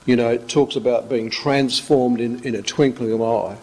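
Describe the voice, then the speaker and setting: A man's voice: medium pitch, fairly even intonation, normal speed, a little mellow, husky. A male pastor, giving an informal sermon full of rambling, joking stories. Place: church hall. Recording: echoey church hall.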